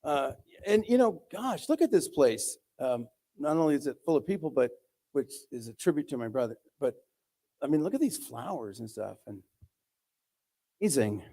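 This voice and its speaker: A man's voice: fairly high pitch, sing-song, normal speed, dark tone. A man, the brother of the deceased, speaking at a church memorial with joking, rambling remarks.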